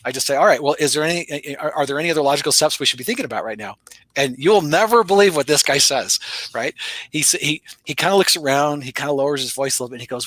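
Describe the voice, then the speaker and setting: A fast-talking middle-aged man with a bright, forceful voice and a dry, close sound. He is a guest on an interview and tells sales stories with energy, jumping up in pitch as he acts out the dialogue. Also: no echo. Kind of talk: storytelling interview talk.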